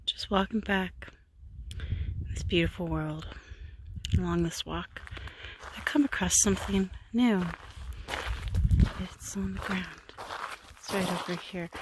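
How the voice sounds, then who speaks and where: A woman's voice: on the low side, steady tone, slow, long pauses, slight background noise. A young woman talking casually and swearing freely as she films herself on an outdoor hiking trail, recorded on a handheld camera. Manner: chatty, swears freely, hushed whispering while filming wildlife. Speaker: vlogger.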